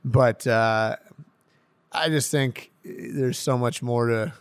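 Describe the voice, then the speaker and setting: Excitable, laughing young man, smooth voice. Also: medium pitch, slow pace, no room sound. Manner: excitable, laughs often, rambling with restarts. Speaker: pro hockey player guest. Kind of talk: casual interview chat.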